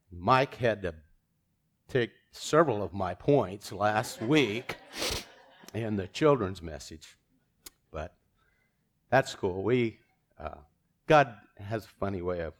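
A man's voice: on the low side, expressive, slow pace, pauses often. A man preaching a sermon in church, casual and self-deprecating, with chuckling asides and a joke woven in.

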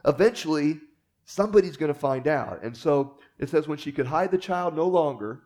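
A man preaching a sermon, earnest, swelling for emphasis and then dropping to a hush. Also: a little high, lively intonation, moderate pace.

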